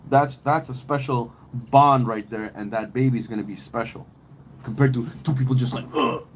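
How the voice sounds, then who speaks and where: A man's voice: mid-range voice, steady tone, normal speed, slight background noise, low-quality recording. A man talking on a podcast in a casual, opinionated way, rambling and emphatic, with plenty of slang, swearing and restarts. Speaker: podcast host.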